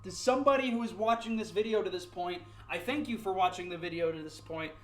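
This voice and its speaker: A man's voice: sits high, fast talker, soft background music. A young man ranting dramatically while playing a game at home, pacing around and moving closer to and farther from his mic. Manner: rambling, dramatic, self-mocking; paces about the room, moving toward and away from the mic. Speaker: gaming YouTuber. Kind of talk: ranting gameplay commentary. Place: home room at his computer. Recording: echoey room, varying distance from the mic.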